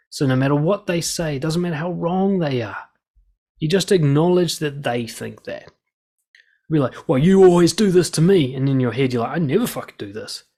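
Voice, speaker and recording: A man with a gravelly, slightly husky voice gives blunt, direct advice and swears freely. He talks straight to the listener and acts out quoted lines as he goes. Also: mid-range voice, a little mellow. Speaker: dating and confidence coach.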